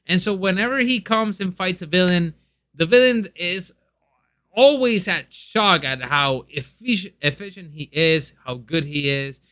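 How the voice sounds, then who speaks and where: A man's voice: high voice, expressive, unhurried, sharp tone, no echo. A young man chatting casually and eagerly in a review, with lots of ums and restarts. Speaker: manga reviewer.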